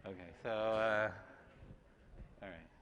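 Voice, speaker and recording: A man giving a university lecture, halting, with many restarts and fillers. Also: fairly low pitch, steady tone, fairly bright tone. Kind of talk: classroom lecture. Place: large lecture hall. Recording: reverberant lecture hall, faint noise.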